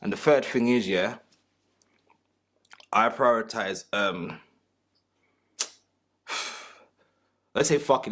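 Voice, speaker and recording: A man, a panelist talking in a crude, joking, slangy way about relationships. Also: mid-range voice. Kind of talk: casual panel talk.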